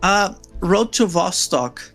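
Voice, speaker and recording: A woman's voice: on the low side, expressive, takes it slowly, creaky, fairly bright tone, soft background music. A woman streamer hosting a casual gaming chat, laid-back and tired, who swears casually. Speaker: streamer host.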